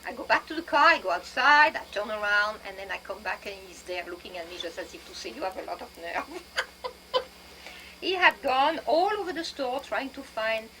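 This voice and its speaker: A middle-aged woman with a French accent tells a family story at the dinner table, her voice high and swinging widely as she plays out each line. She was caught on a noisy camcorder from across the room. Her English is a second language. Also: very animated, a little fast, few pauses, pushed and bright. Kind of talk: lively anecdote told at the table. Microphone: camcorder mic across the room. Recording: noisy 1990s home video.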